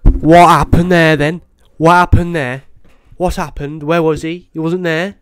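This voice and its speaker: A young man playing a horror game, talking to himself and swearing, with sudden excited outbursts. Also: a little high, a little slow, clear, resonant tone, dry recording. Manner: swears, talks to himself, swings between muttering and excited outbursts. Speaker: gaming YouTuber. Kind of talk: horror game let's play commentary.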